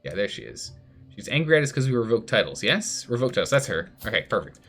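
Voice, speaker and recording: A man's voice: fairly low pitch, sing-song, fast talker, fairly bright tone, faint music behind. A man streaming a strategy game live, chatty, thinking aloud and answering chat as he plays. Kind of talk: live gameplay commentary.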